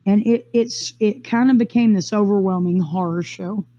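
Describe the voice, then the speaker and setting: A woman telling her own story in a casual, rambling way, with quick bursts, fillers and restarts. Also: mid-range voice, mellow, dull audio. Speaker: interviewee sharing a personal experience. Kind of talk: casual first-person storytelling.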